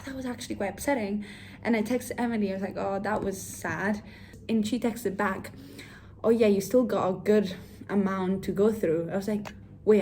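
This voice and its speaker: A woman's voice: medium pitch, warm tone, a little hiss or hum. A young woman vlogging casually about books, gushing and emotional, sometimes dropping almost to a whisper. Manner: gushing, emotional, drops to a near whisper at times. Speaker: book vlogger. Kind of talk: casual vlog chat.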